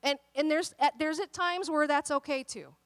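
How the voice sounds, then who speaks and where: A woman's voice: sits high, normal speed, no room sound. A woman pastor preaching a sermon, telling a personal story and building to emphatic encouragement. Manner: personal storytelling, quotes voices in dialogue, builds to emphatic exhortation.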